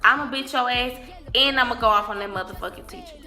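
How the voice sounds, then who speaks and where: A young woman voicing her angry, strict mother, blunt and swearing as she scolds, close to the speaker's own bright voice. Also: on the high side, fast, soft background music.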